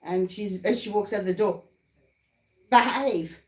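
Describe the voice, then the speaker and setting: A woman's voice: mid-range voice, little pitch movement, moderate pace. Australian woman telling stories in an echoey room. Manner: warm storyteller, laughs at her own stories. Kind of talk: casual live chat.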